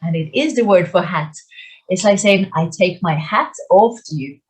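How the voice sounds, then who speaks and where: Each French phrase gets a slow, careful repetition as a woman walks viewers through a video lesson on pronunciation. Her delivery is clear and deliberate, and her voice sits on the lower side.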